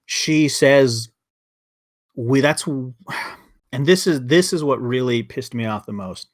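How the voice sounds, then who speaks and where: A man's voice: mid-range voice, slow. A man co-hosting a podcast in casual chat, rambling and getting heated, with frequent restarts. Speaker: podcast co-host.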